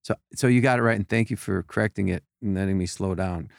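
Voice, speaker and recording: Guy with a gravelly voice spinning a story, does the voices, dry close sound. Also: sits low, fast talker, no room sound. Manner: animated storyteller, acts out voices, many restarts. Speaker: podcast guest telling stories. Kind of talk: casual storytelling chat.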